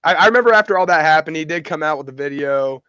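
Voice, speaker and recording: A man's voice: fairly high pitch, quick pace, clear, resonant tone, dry recording, dull audio. A man with a slightly raised voice rambles casually with plenty of "like" and "uh". The recording is dry and close, with no room sound around him. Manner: relaxed, rambling, filler-heavy. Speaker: podcast host. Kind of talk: casual chat.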